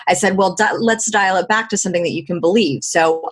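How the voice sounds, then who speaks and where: A woman from Southern California, a coach in casual interview chat, talking in a lively way, acting out quotes and using "like" often. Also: mid-range voice, fairly quick, few pauses, slightly rough. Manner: animated, acts out quotes, frequent "like". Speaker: coach and guest.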